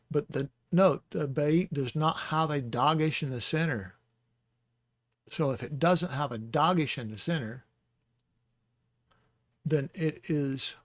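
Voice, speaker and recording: A man's voice: medium pitch, dry recording. A man teaching pronunciation, who patiently explains each sound and then demonstrates it by repeating it. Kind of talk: slow instructional explanation.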